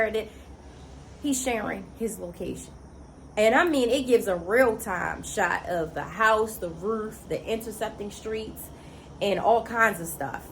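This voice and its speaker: A woman's voice: medium pitch, a little hiss or hum, rough recording. Emotional single mother telling a story. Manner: emotional, emphatic, repeats words for stress; conversational, many "you know" fillers. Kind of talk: personal storytelling to camera.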